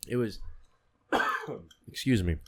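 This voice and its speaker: A male podcast host with a somewhat low voice, talking in a loose, casual way. He swears freely and gets caught up in retelling stories. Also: slow, darkish tone, a little hiss or hum. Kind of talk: casual chat.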